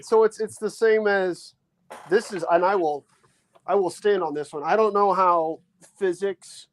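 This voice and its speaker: A man's voice: on the high side, darkish tone. A man from the United States co-hosting a gaming podcast, joking and swearing in casual banter. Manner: profane, joking. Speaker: podcast co-host.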